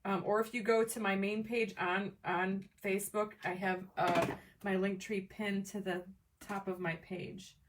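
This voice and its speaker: A woman hosting a live crafting demo from home, chatting with viewers by name in an excitable, chatty way. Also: mid-range voice, a little slow, distant mic, noisy background. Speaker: crafting livestream host. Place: home craft table, camera on tripod.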